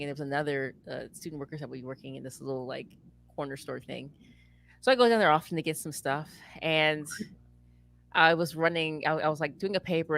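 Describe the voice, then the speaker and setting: A woman telling a story in casual chat, animated and laughing often as she acts out the voices of the people she quotes. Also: deep voice, gravelly. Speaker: former campus advisor.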